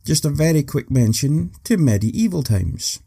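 A man's voice: fairly high pitch, animated, moderate pace, gravelly, warm tone, slightly rough. A man hosting a talk, telling history with wry, joking asides. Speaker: host. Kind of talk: humorous storytelling.

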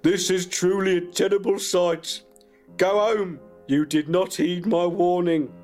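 A man voicing a grave older homeless man who speaks in a booming, stern way. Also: steady tone, unhurried, darkish tone, faint music behind.

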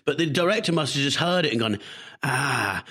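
A man's voice: a little high, expressive, a bit bright. A man co-hosting a podcast in casual chat, telling stories and laughing often. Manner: chatty storyteller, laughs often, quick asides. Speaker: podcast co-host.

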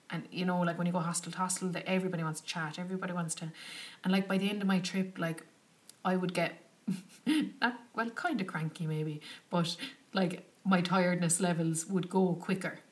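A young woman telling a travel story to her viewers in a chatty, animated way, full of "like" and "do you know". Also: fairly low pitch, a little fast. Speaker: travel vlogger. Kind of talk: casual travel storytelling to camera. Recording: slightly distant from the mic.

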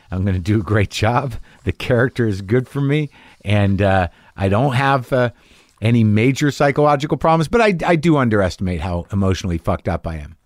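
A man's voice: mid-range voice, no echo, clean studio sound. A man hosting a podcast, talking alone in a frank, profane, self-deprecating way. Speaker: podcast host. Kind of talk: solo monologue.

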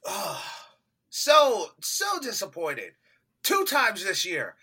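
Brief: lively podcast co-host, man, very bright and somewhat high, jumps around in pitch. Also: takes it slowly, slightly rough. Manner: animated, laughs often, mimics actors with loud outbursts. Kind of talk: casual movie review chat.

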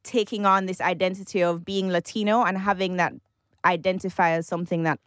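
A woman co-hosting a casual panel discussion, animated and laughing often as she talks in long, flowing runs. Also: fairly low pitch, brisk, clear, resonant tone, no room sound, clean studio sound. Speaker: podcast co-host.

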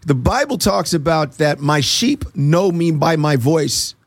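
Gravelly, earnest man telling his faith story. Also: a little high, measured pace, no room sound. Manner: earnest, animated storyteller acting out dialogue. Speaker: interview guest. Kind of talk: personal faith testimony.

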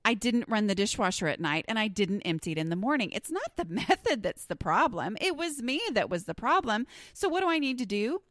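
A woman's voice: fairly high pitch, sing-song, a little fast, few pauses, a bit bright, no room sound, clean studio sound. A middle-aged woman with a Southern US accent, hosting a casual solo podcast in a chatty, self-deprecating, easily sidetracked way. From Southern United States. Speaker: podcast host.

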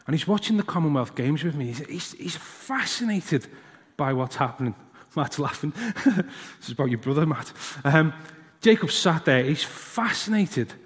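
A man's voice: on the high side, long reverb tail. A man preaching a sermon and telling a personal story, sometimes acting out his young son's questions. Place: church hall.

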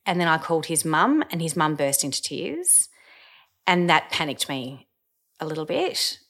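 Low-voiced woman recalling a painful memory. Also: very animated, moderate pace, a bit bright. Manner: hesitant, with frequent ums and restarts. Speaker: personal storyteller. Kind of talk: emotional first-person recollection.

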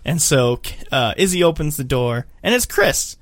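A man's voice: on the high side, moderate pace, dry recording, studio quality. A man co-hosting a podcast, chatting casually as he retells a film scene by scene, acting out the quotes. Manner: animated storyteller, acts out quotes. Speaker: podcast co-host. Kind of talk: casual chat recapping a film.

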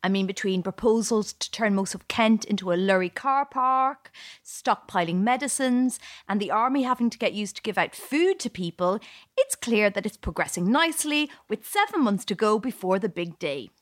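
A woman's voice: mid-range voice, expressive, moderate pace, no echo, studio quality. A woman comedian hosting a podcast, delivering a sarcastic political monologue and laughing at her own jokes.

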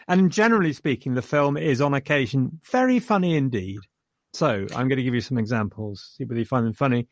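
A man's voice: mid-range voice, animated, fairly quick, no echo, studio quality. Chatty man reviewing a film. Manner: enthusiastic, chuckling retelling of scenes. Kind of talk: casual film discussion.

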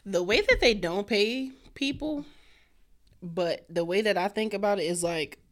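A woman co-hosting a podcast who talks in an easygoing, chatty way. Her voice sits at an ordinary middle pitch. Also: animated, measured pace. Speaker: podcast co-host. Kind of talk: casual chat.

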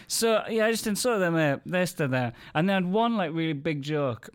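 An English man in casual podcast chat, an animated comedian who tells stories, laughs through them and swears freely. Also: a little high, moderate pace, hardly any pauses, clean tone. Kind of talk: casual anecdote-telling chat.

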